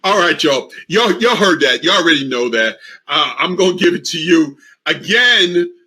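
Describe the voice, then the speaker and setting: A man's voice: on the high side, animated, normal speed, bright, forceful tone, husky. A man hosting a talk show panel, casual and addressing his audience as y'all. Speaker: host.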